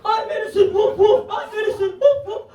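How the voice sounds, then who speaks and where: A man's voice: very high-pitched, brisk, mellow, voice pushed up. A man voicing a panicked young male puppy, pleading frantically and yelping. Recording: roomy club, distant mic.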